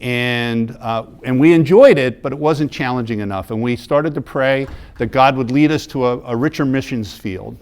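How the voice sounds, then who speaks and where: A man's voice: medium pitch, normal speed, few pauses. A middle-aged American man talks to a parish audience in a church. He tells his story in a loose, conversational way, repeating and restarting words as he goes. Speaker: mission group leader giving a parish talk.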